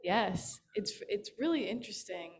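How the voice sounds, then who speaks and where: A woman taking part in a casual group discussion, speaking softly and haltingly. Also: mid-range voice, lively intonation. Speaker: participant.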